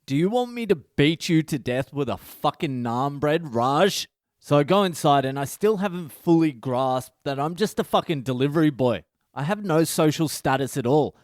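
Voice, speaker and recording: A man's voice: fairly high pitch, no echo, studio quality. A middle-aged man, hosting a comic podcast and telling a story in a brash, swear-heavy monologue. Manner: swears constantly, brash and exaggerated. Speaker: comedian podcast host.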